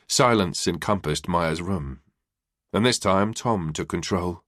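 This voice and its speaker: A man narrating a crime thriller audiobook in a measured, even way. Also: sits low, no echo, studio quality. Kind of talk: scripted narration.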